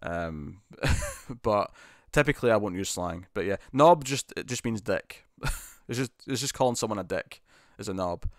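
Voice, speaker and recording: A man's voice: fairly low pitch, expressive, moderate pace, dry recording. A young man hosting a casual live stream, reading viewer comments aloud and answering them with frequent ums and laughs, into a studio mic with a pop shield. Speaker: host.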